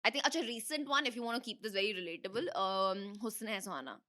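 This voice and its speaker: A young woman with an Indian English accent, a guest in a casual interview, chatty and animated with a slightly hoarse throat, laughing and restarting her sentences. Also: medium pitch, quick pace. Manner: giggly, animated, full of fillers and restarts. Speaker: interview guest, dancer and creator. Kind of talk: casual rapid-fire interview chat.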